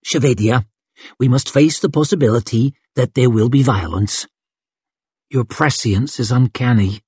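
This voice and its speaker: A man voicing a bold, towering woman warrior who speaks in loud, grand, theatrical declarations in an audiobook. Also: a little slow, husky, dry recording. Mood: grandly calm. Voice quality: loud, booming even in whispers. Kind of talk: audiobook character voice.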